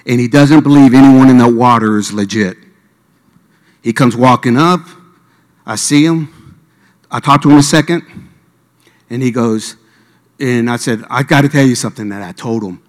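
A man's voice: medium pitch, normal speed, long pauses. A man from Miami preaching a sermon, telling stories animatedly and acting out the voices of the people in them. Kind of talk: sermon storytelling. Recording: reverberant hall.

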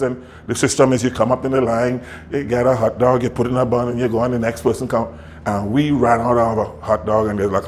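A man pastor tells a story from the pulpit at an ordinary pitch. He chuckles through the telling and slips into voices when he quotes people. A faint noise sits under him. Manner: lively, laughs often, acts out quotes. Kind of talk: sermon storytelling.

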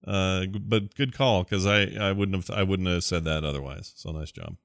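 Bright, dry-voiced rambling male podcaster. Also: low-pitched, moderate pace, creaky, dry recording. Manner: rambling, relaxed, many fillers. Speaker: podcast co-host. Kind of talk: casual podcast chat.

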